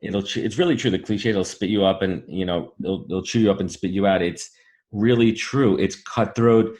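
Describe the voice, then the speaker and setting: A man's voice: lowish voice, normal speed, a little mellow. A man, a podcast guest telling brash, swearing stories in a casual interview. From New York.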